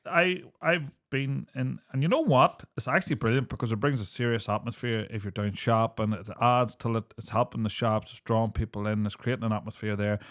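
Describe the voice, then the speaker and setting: A man's voice: mid-range voice, steady tone, a little fast, hardly any pauses, a bit bright. A man hosting a podcast, asking long, rambling questions in casual chat. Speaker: podcast host.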